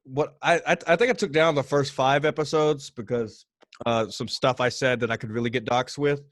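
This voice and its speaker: A man's voice: medium pitch, fairly even intonation, moderate pace, dry recording, studio quality. A young man hosting his own podcast, joking loosely and crudely in casual chat. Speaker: podcast host.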